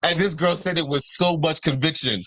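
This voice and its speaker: A man's voice: a little high, normal speed, no echo. A man from Africa telling stories in casual chat, acting out voices as he goes. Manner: animated storyteller, acts out voices. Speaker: podcast host.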